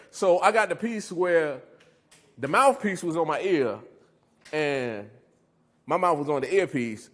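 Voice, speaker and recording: Speaking a little slowly in a slightly high voice, a middle-aged man in recovery delivers an animated motivational talk before a live audience, sharing stories, laughing, and putting questions to his listeners.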